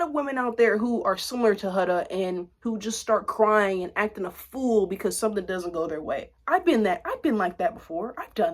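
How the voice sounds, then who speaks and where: A woman in her twenties ranting casually to camera, blunt and profane, jumping between loud outbursts and low asides. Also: expressive, moderate pace, hardly any pauses. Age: 20s. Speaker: vlogger commenting on reality TV.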